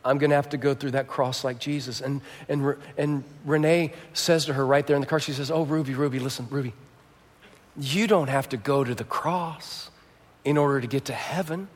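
Male pastor, high voice, storytelling sermon that swings from hushed to emphatic, heard in a reverberant church. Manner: storytelling, voice dropping quiet for somber moments.

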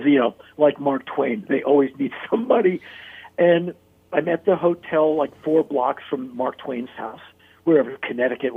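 A man's voice: mid-range voice, gravelly, slightly rough. A man telling a story in a casual interview, talking animatedly with many "like" and "you know" fillers. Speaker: interview guest. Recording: phone-like narrow-band audio.

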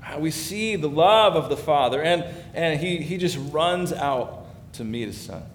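Unhurried and expressive, this male pastor preaches in a conversational way, his emphasis steadily mounting. There's a faint background rumble, and the hall gives the audio a noticeable echo.

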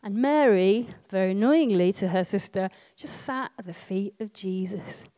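A woman in her thirties, medium in pitch with a dark tone, trains people in prayer ministry through a conversational teaching talk. She is chatty, tossing in quick asides and tag questions.

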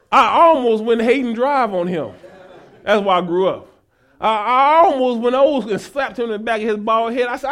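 A male pastor preaching a sermon, mixing folksy asides to the congregation with rising, shouted exhortation. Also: extremely high pitch, brisk. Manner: folksy, talks to the congregation as y'all.

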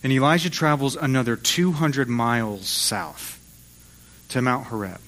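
A man preaching as a pastor, retelling an old story with storytelling flair. He speaks at a middle pitch and slips briefly into the voices of the people he describes. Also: measured pace, fairly bright tone. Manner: storytelling, acts out voices of biblical figures. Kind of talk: sermon.

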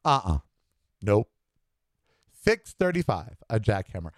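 A man's voice: fairly low pitch, big pitch swings, measured pace, no echo. A man hosting his own show, telling a story in a blunt, exasperated solo rant on a dry close mic. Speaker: podcast host. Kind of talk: ranting solo monologue.

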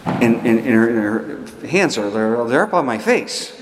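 Slow-talking priest in an echoey church. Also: male voice, mid-range voice, expressive, noisy background. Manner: conversational, halting with repeated restarts. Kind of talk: storytelling sermon.

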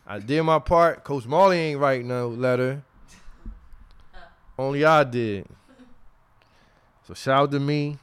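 Slangy podcast host with a smooth voice. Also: male voice, mid-range voice, takes it slowly, pauses often. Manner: animated, laughing, slangy. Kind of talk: casual podcast chat, reading listener emails.

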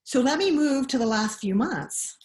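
A middle-aged woman explaining child attachment in an interview, thoughtful, pausing and restarting her sentences often. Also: sits high, expressive, a little mellow. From Scotland. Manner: thoughtful, many restarts and pauses. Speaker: guest expert on child attachment. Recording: roomy echo.

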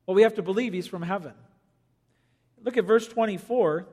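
A man preaching a sermon as pastor, swinging between loud emphasis and quiet, low lines. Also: moderate pace, slightly rough, big-room sound.

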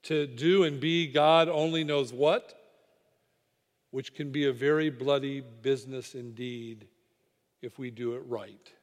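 A man's voice: mid-range voice, steady tone, a little slow. Preacher man in a big reverberant hall. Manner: dramatic storyteller, dropping to quiet for weight. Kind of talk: sermon storytelling.

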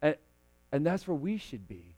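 Animated young male preacher, raised voice. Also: a little high, moderate pace. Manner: animated, swings from loud emphasis to hushed. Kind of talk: sermon.

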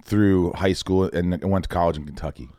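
Lively storytelling man from Indiana. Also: low-pitched, fairly quick, dry recording, clean studio sound. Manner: animated, acts out voices in anecdotes. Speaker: podcast guest, actor. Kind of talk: casual storytelling chat.

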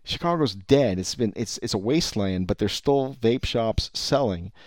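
A man's voice: on the low side, expressive, moderate pace, darkish tone, no room sound, studio quality. A man giving ranting commentary on the vape business, rambling and profane with many restarts.

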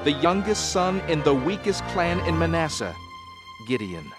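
A man narrates an animated Bible story in a measured, solemn storytelling voice. His voice sits a touch high, and a loud orchestral score plays beneath his words. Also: loud music behind the voice.

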